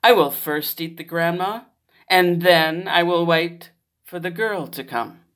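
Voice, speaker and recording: A woman voicing the big bad wolf in a storybook reading, sly and smooth. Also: fairly low pitch, a little slow, lightly acted.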